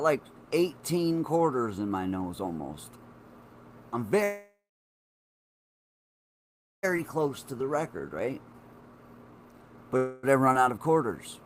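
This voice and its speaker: A man's voice: medium pitch, a little hiss or hum. A man telling a funny personal story to the camera in a casual, profane, self-mocking way. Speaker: vlogger.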